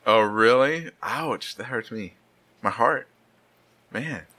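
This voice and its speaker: A man's voice: medium pitch, slow. Swearing, laughing podcast host man. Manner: swearing, laughing, animated storyteller. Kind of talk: casual chat.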